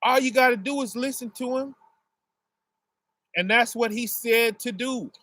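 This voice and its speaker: A slightly slow, pushed and bright delivery marks this street preacher, whose fairly high voice moves through a loose sermon built on homely family examples. Nearly every phrase ends with a "right?" aimed at his listeners, and the sound is dry and close.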